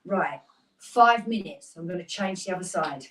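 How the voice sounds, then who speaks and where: A woman's voice: on the low side, animated, moderate pace, a bit bright. A British woman in her thirties, a fitness instructor chatting upbeat through a live workout class, with rambling asides. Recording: roomy sound, mic at a distance.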